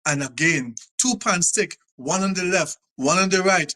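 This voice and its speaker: A man's voice: sits high, normal speed, pushed and bright. A Trinidadian man hosting a live talk show, repeating himself as he rouses his audience to love their country. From Trinidad and Tobago. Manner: preachy, repetitive, rousing the audience.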